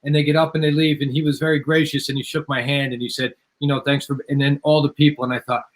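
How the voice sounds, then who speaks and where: A man hosting a podcast, chatting casually and telling a story with many halting restarts. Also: a little high, little pitch movement, poor audio. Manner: halting, repeats words as he starts sentences. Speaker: podcast host, former waiter. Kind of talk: casual interview chat.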